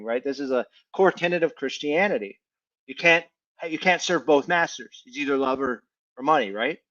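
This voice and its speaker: A man talking casually on a panel, earnest and given to restarts as he tells a personal story. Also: fairly high pitch. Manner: earnest, repeats words when restarting. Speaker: panel guest. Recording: dull muffled audio.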